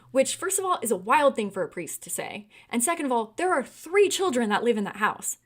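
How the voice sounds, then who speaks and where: A young woman from California hosting a casual livestream book discussion, animated and quick to laugh and get worked up. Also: on the high side. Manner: animated, laughs often, gets heated and incredulous. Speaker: book club host.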